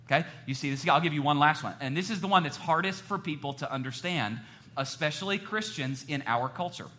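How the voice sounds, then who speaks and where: A man preaching a sermon as pastor, animated and quick to joke with the congregation. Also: on the high side. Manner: animated, joking asides to the congregation.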